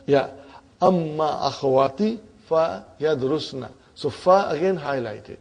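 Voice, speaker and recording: A man teaching an Arabic grammar class, quizzing students with repeated questions and clearing his throat often. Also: a little high, animated, slow, poor audio.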